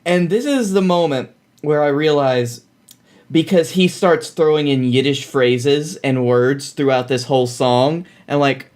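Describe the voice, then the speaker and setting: A man co-hosting a podcast, speaking in casual conversation and recapping plot points at length. His pitch sits in an ordinary middle range, and his delivery is relaxed and chatty. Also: measured pace. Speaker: podcast co-host. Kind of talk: casual chat.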